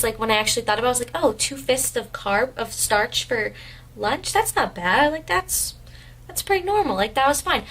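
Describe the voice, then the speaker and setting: A woman's voice: medium pitch, a bit bright, low-quality recording. Young woman telling a personal story. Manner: emotional, rambling retelling with many "I was like" quotes. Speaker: vlogger.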